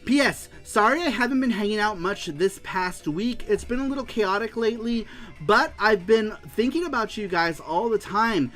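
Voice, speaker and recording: A male host chats loosely on a retro gaming stream, reading viewer answers with animated energy and laughing often. His voice sits a little on the high side, and faint music plays behind him. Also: moderate pace. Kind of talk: casual livestream chat.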